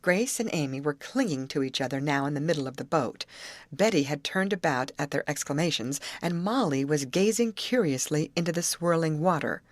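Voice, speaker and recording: A woman narrating an audiobook aloud, voicing the characters' lines with higher pitch. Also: a little fast, no echo. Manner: lively reading, raises pitch for the girls' lines. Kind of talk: scripted narration.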